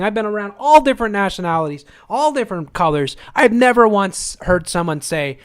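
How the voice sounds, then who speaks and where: Guy ranting on his live show, sarcastic and fired up, bit high pitched, dead dry mic. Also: very animated, fairly quick, few pauses, dry recording. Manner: angry, sarcastic, repetitive. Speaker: livestream host.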